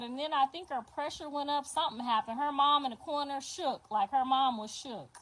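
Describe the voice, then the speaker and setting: An older woman hosting a livestream, telling a story in a casual, animated and profane way, swearing and repeating herself for emphasis. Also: high voice, brisk, hardly any pauses. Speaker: livestream host.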